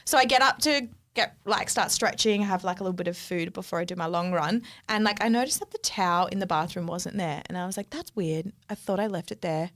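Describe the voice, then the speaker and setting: A woman co-hosting a podcast, telling a story in casual chat, animated and swearing freely. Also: fairly low pitch, fast talker, few pauses. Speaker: podcast co-host.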